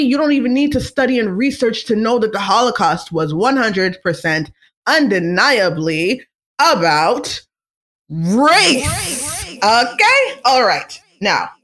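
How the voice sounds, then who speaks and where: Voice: medium pitch, big pitch swings, a little slow, a bit bright. A vlogger giving casual, outspoken commentary on celebrity news, swearing freely and often mimicking other people.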